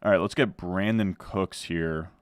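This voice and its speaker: This New Jersey fantasy football streamer has a deep, clear, resonant voice and talks a little slowly, keeping it relaxed and casual while drafting live. He drops "dude" constantly and responds to chat, and there's no echo.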